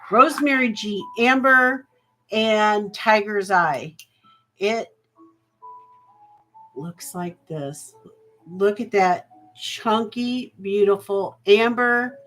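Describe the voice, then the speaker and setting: A woman's voice: mid-range voice, a bit bright, poor audio. A woman hosting a live-streamed jewelry auction, chatting with viewers and thanking them as she calls the bids. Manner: slow, chatty, thankful, with fillers. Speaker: live jewelry sale host.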